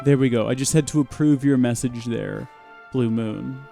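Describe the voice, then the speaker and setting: A man's voice: mid-range voice, moderate pace, creaky, mellow, soft background music. A man hosting a live game stream, with goofy, rambling and chatty commentary.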